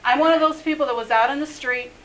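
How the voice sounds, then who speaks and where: A woman's voice: high voice, fast, fairly bright tone, slight background noise, low-quality recording. A middle-aged woman, a messianic rabbi, telling her personal testimony earnestly, laughing often and leaning on "you know". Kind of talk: personal testimony in a faith interview.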